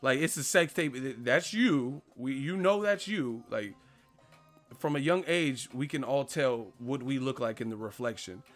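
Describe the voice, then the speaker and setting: Profane, animated boxing live-stream host. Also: male voice, medium pitch, unhurried, soft background music. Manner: animated, profane, storytelling, slangy.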